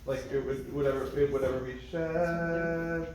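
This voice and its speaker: A man's voice: medium pitch, racing, distant mic. A man in a trope class asking careful questions, repeating himself as he works them out. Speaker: student. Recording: echoey room with steady noise.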